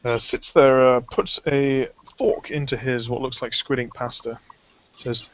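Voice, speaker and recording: A man's voice: mid-range voice, fairly even intonation, measured pace, muffled recording. A man narrating as game master, loose and hesitant, full of fillers. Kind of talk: narrating a tabletop game over voice chat.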